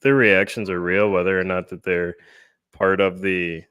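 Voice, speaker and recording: A man on a paranormal panel show, talking casually and hesitantly with many pauses and fillers. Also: low voice, flat delivery, fairly bright tone, clean tone, dry recording, studio quality.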